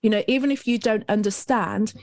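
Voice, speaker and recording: A woman's voice: mid-range voice, fairly quick, a little mellow, no echo. Reflective woman podcast host, dry sound. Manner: reflective and affirming, many "like" fillers. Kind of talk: conversational podcast interview.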